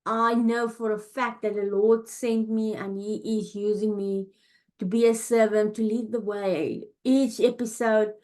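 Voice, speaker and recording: A middle-aged woman hosting a podcast, talking in a heartfelt, halting way, tired and close to tears. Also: medium pitch, flat delivery. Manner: heartfelt, halting, with restarts and soft fillers. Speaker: podcast host. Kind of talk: emotional personal monologue. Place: home, early morning.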